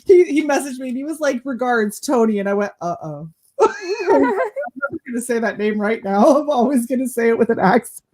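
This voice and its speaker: A woman's voice: sits high, animated, fairly quick, a little mellow, slightly rough. A young adult woman hosting a casual livestream, reading chat comments aloud and laughing often. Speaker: host.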